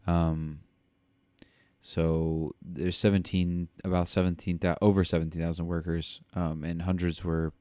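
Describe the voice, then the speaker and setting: A man's voice: deep voice, little pitch movement, measured pace, warm tone, no room sound. A man co-hosting a podcast, reading news aloud and commenting in a rambling way with many fillers. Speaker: podcast co-host.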